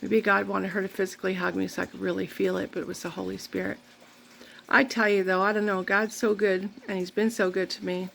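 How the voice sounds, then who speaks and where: A woman talks straight to her audience in a rambling, candid way, circling back and correcting herself as she goes. Her voice has a gravelly, creaky texture at a middle pitch. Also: flat delivery, fairly quick, fairly bright tone, a little hiss or hum. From Canada. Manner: rambling, candid, faith-filled. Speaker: vlogger. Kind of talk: personal storytelling vlog.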